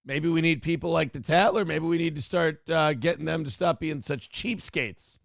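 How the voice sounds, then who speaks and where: A radio show host runs a live-stream donation appeal, reading chat comments aloud and firing sarcastic, teasing replies at trolls. His fairly high voice has a gravelly rasp and moves at a moderate pace. The sound is close and dry, with no room around it.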